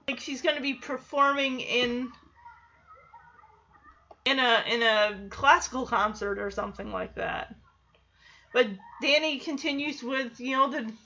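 Slow, bright-voiced woman recapping a show. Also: high voice, dull audio. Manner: chatty, laughs often, puts on voices for quoted lines. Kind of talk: casual recap commentary.

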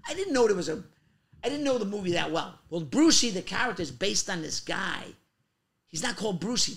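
A man tells stories in a casual chat. His voice sits high, with a gravelly rasp and a bright, tense edge. He talks in an animated, profane way and breaks into loud bursts when he acts out quotes. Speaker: podcast guest, comic actor.

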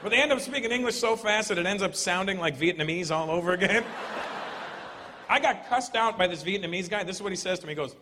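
A man doing a loud, animated stand-up comedy set, breaking into put-on voices between jokes. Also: high voice, fast talker. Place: comedy club stage. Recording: roomy hall, noisy live crowd. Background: audience laughter.

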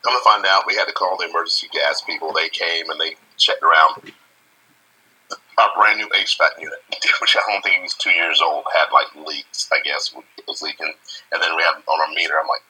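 A man's voice: rumbling low, bright, forceful tone, slightly rough, low-quality recording. A middle-aged man co-hosting a casual chat show, telling a family story and laughing as he acts out what people said. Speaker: co-host.

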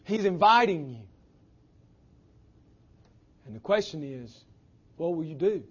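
A man preaching a sermon as pastor, impassioned, his voice swinging from loud declarations to hushed lines. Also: on the high side, lively intonation, slow pace, husky, muffled recording.

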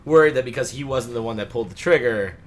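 A man's voice: medium pitch, fast. Man making wry podcast asides. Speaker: podcast co-host. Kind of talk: casual comic book chat.

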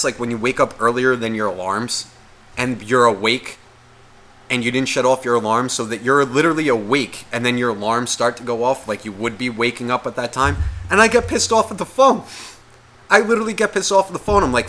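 A man's voice: mid-range voice, brisk. A man co-hosting a podcast, ranting in a profane, comedic way and acting out the voices in his head. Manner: animated, swearing, acts out inner voices. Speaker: podcast co-host.

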